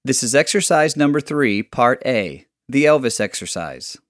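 A man calmly narrating vocal exercises as a coach, giving clear step-by-step directions. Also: mid-range voice, moderate pace, no echo, clean studio sound. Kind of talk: instructional narration.

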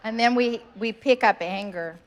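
A woman's voice: on the high side, normal speed. A woman pastor giving a sermon in church, earnest and conversational, reading scripture aloud. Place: church sanctuary.

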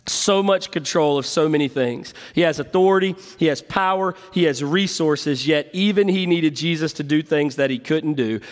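A man's voice: on the high side, long reverb tail. A man preaching a sermon in a church as pastor, emphatic and repeating key phrases. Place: church sanctuary.

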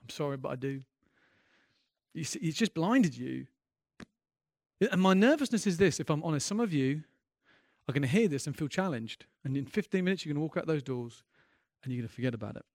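An earnest, impassioned pastor preaches a sermon, often restarting his sentences as he builds in intensity. His fairly high voice is expressive, a little fast and darkish in tone, on a dry, clean studio recording.

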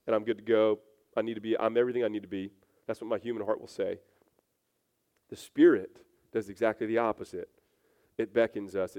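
A male pastor delivers a sermon in a fairly low, slightly mellow voice. He shifts from casual storytelling packed with fillers to earnest teaching, his energy swinging widely.

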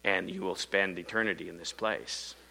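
A middle-aged man from Iowa preaching a sermon, telling a story dramatically and swinging between loud emphasis and hushed low lines. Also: fairly even intonation, normal speed, creaky, low-quality recording.

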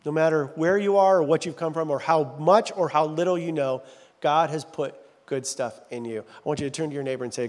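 A man's voice: on the high side, a little fast, a little mellow, big-room sound. A man preaching a sermon as a pastor in a church, talking in a loose, joking, self-deprecating way. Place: large church sanctuary.

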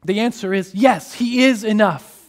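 A man preaching a sermon, moving between hushed, drawn-out phrases and raised, emphatic ones. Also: high voice. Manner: expressive, shifting between hushed and raised delivery.

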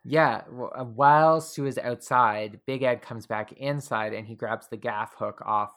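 A man's voice: mid-range voice, measured pace, a bit bright. A man co-hosting a podcast, casually recapping a horror film with many filler words and easy laughs. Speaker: podcast co-host.

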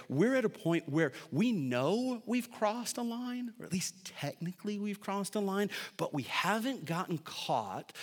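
A man in his thirties preaching a sermon as a pastor, conversational and jokey, tagging his points with quick asides to the congregation. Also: on the high side. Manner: animated and conversational, jokey asides, constant "right?" tags. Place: large church hall. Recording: long hall reverb.

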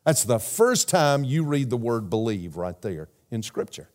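A man preaching a sermon as pastor, measured and emphatic, repeating phrases and asking the congregation rhetorical questions. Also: medium pitch, very animated, a little mellow.

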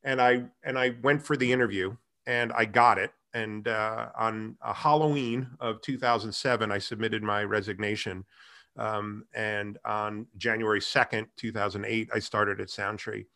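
A middle-aged man in a casual interview, telling his career story with lively acted-out dialogue. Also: fairly low pitch, normal speed, creaky. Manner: animated storyteller, acts out quoted dialogue. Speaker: guest, music tech company founder.

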